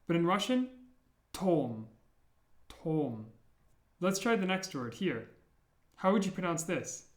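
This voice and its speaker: A man's voice: sits high, very animated. Patient man teaching letters in an echoey room. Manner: patient, repeats each sound slowly for learners. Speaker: language teacher. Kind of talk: step-by-step language lesson.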